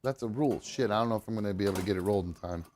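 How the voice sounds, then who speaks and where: A man's voice: lowish voice, a little mellow, a little hiss or hum. Profane rambling man hosting. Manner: profane, rambling, quick to laugh. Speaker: podcast host. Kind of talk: casual live-stream chat.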